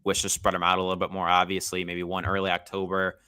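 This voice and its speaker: A man appearing as a guest on a sports podcast, talking in a measured way and thinking aloud with lots of fillers. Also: sits low, completely flat delivery, bright, forceful tone, smooth, no room sound, clean studio sound. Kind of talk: casual sports podcast chat.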